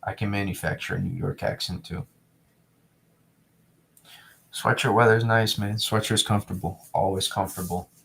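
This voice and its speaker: A man's voice: fairly low pitch, steady tone, normal speed, vocal fry, pauses often, fairly bright tone, a little hiss or hum. A young man from New England chatting casually to his live-stream viewers, rambling and repeating himself as he reads the chat. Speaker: weather streamer.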